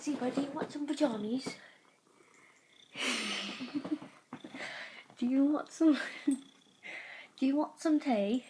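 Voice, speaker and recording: A woman's voice: sits high, slow, pauses often, darkish tone, a little hiss or hum, pitched above the performer's own voice. A young woman putting on a British accent, talking in sing-song baby talk to her cat. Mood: teasing. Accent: British, put on. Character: cheery high-pitched woman with a put-on British accent.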